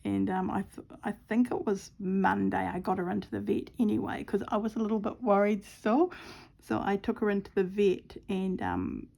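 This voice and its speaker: A woman's voice: mid-range voice, animated, normal speed, gravelly, darkish tone. A middle-aged woman chatting casually at home while stitching, telling a rambling story with lots of ums. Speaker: craft vlogger.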